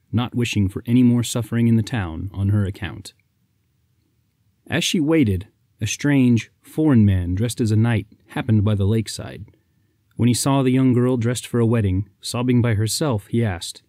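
A man narrating a legend as a podcast storyteller in an even, scripted delivery. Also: mid-range voice, dry recording.

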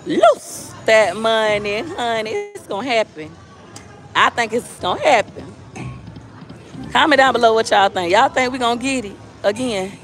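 A woman's voice: a little high, expressive, moderate pace, pauses often, fairly bright tone, faint music behind. A woman gambling on a live stream in a casino, coaxing the slot machine and chatting with her viewers. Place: casino floor.

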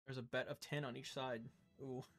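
A game streamer in his twenties from the Southern US chats casually with his live audience, playfully mock-indignant and tripping over his words for laughs. His voice is medium-pitched, level and a bit bright at a normal speed, with soft music behind him.

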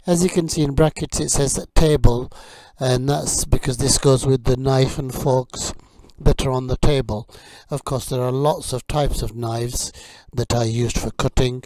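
Slow, mellow-voiced male vocabulary teacher. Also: mid-range voice, fairly even intonation, no room sound. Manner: slow, deliberate word drills with many fillers. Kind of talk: vocabulary lesson for learners.

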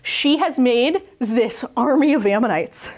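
Animated, enthusiastic woman professor lecturing. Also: high voice, a little slow. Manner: enthusiastic, jokey, animated storytelling. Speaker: geology professor giving a public talk. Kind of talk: lively science lecture to a club. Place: in-person talk in a meeting hall.

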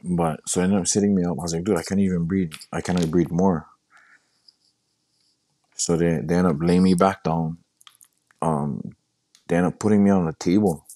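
Very deep-voiced man telling a story. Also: steady tone, warm tone, no echo. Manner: halting, repeats words, quotes himself. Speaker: guest sharing his story. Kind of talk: casual storytelling.

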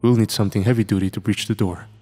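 Man doing a gruff burly foreman. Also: fairly low pitch, fairly even intonation, racing, dark tone, in a large hall, faint music behind. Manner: curt, firm.

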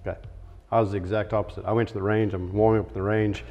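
A man's voice: on the low side, little pitch movement, fast talker, a little mellow, lo-fi sound, soft background music. A middle-aged man, a golf pro, telling casual self-deprecating anecdotes in an interview.

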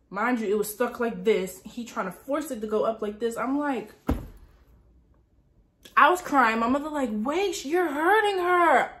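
Chatty young woman telling a story. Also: fairly high pitch. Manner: animated, chatty retelling full of asides. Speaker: lifestyle vlogger. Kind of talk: casual storytime vlog.

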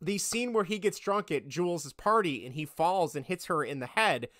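Rambling man excitedly recapping movie scenes. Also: on the high side, moderate pace, no echo, studio quality. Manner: thinks aloud while looking things up. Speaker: podcast co-host. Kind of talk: casual chat.

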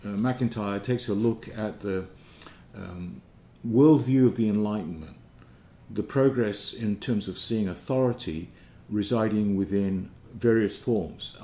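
A man's voice: fairly low pitch, mellow. A man giving an informal theology lecture, thoughtful and searching for words. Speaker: speaker giving a talk on theology. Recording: roomy echo.

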